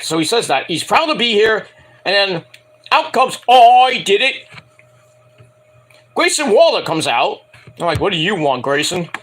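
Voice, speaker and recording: A man's voice: high voice, pushed and bright. A man reviewing a wrestling show at home in a casual, rambling rant, profane and mocking, often acting out quotes.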